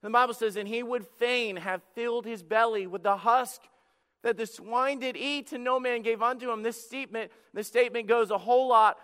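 A man preaches a sermon in a church, with a high, bright, clean-edged voice. He shifts between hushed, intimate stretches and loud, fervent bursts. Long reverb from the hall trails behind every phrase. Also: fairly even intonation, normal speed, clean tone. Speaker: pastor. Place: church sanctuary.

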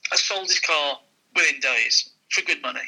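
A man's voice: a little high, moderate pace, slightly rough, poor audio. A man, a used car dealer, telling a casual anecdote and acting out the people in it. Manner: lively, acts out the people in his stories.

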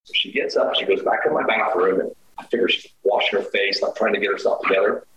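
A man's voice: lowish voice, fast. Man telling a story in an echoey room. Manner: animated, acts out quotes. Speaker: guest storyteller. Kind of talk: casual storytelling. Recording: echoey room with faint noise.

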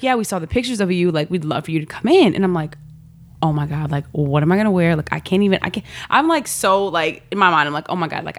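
Slangy, animated woman telling a story. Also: on the low side. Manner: animated, slangy, laughs often, quotes herself. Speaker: guest, model. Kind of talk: casual storytelling chat.

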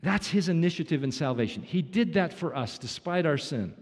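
A man's voice: fairly high pitch, lively intonation, fairly quick, husky. A man pastor giving an earnest, emphatic sermon to his congregation, asking rhetorical questions as he preaches. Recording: long reverb in a large hall.

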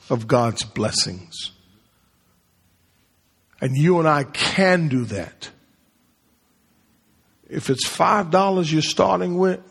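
A man's voice: a little high, creaky, slightly rough. A man preaching a sermon to his congregation in call-and-response style, quizzing them as he speaks. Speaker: pastor. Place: church sanctuary. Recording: long hall reverb.

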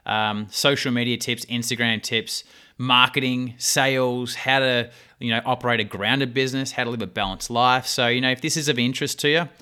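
A man's voice: medium pitch, steady tone, moderate pace, sharp tone, smooth. A man hosting a podcast, chatty and upbeat with many fillers. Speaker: podcast host. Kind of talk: casual podcast interview.

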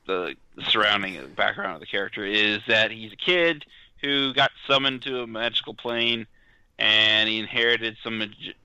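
Guy reviewing a movie on a podcast, super bright sharp voice, kinda low, dry dull sound. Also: no echo. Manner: loose, jokey, explains with fillers. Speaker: podcast co-host. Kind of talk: casual film review.

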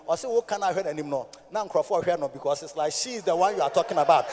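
High-voiced Ghanaian preacher in a hall. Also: male voice, fast talker, crowd noise. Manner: preaching that swings from low talk to loud shouting, sing-song. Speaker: pastor. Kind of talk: sermon. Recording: hall reverb.

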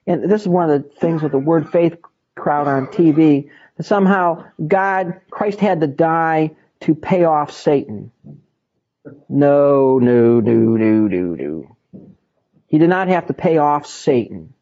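A man leads a Bible study with a raised but mellow voice, hammering his points home through repetition. The recording sounds dull and lo-fi. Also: fairly high pitch, unhurried. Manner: emphatic, repeats words for stress.

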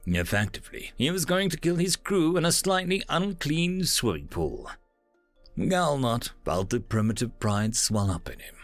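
A man narrating science-fiction stories in a scripted, animated storytelling manner. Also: mid-range voice, moderate pace, dry recording, soft background music.

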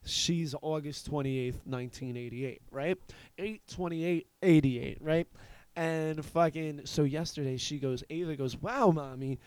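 A man's voice: a little high, measured pace, a little mellow, clean tone. A man in his thirties hosting a podcast, telling a rambling, profane story in casual chat. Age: 30s. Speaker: podcast host.

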